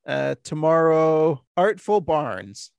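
Man, podcast co-host, gravelly, giggly, playful, dry close sound. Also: a little high, very animated, slow pace, a little mellow, no room sound. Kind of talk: casual chat, episode recap.

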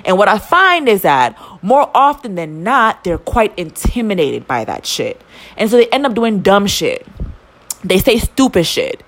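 A young woman, telling a story in casual chat as a podcast co-host, profane and quick to indignation. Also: medium pitch, very animated, a bit bright.

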